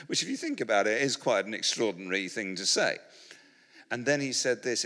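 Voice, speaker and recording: A British man, very animated and sharp in tone, preaches in a big hall at a moderate pace with a fairly low pitch. He speaks with a British English accent, rambling and mocking himself through humorous stories with frequent restarts, and the hall echoes with reverb.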